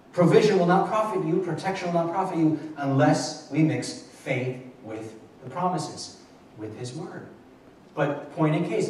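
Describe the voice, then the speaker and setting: A man preaching in a relaxed, conversational way, restarting his sentences and repeating phrases as he goes. His voice is somewhat high for a man. He is picked up from a distance in a very echoey church hall, with faint room noise behind him. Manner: conversational and repetitive, with frequent restarts. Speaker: pastor. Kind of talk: sermon. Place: church hall at a midweek Bible study.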